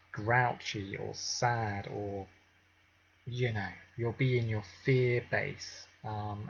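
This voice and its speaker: A man talks through a mindfulness lesson in a relaxed, conversational way, pausing on frequent ums. His mid-range voice has a gravelly edge. The recording sounds dull and lo-fi, with a faint hiss behind him. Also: lowish voice. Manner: unhurried, conversational, many filler ums. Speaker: mindfulness teacher. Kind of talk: informal teaching talk.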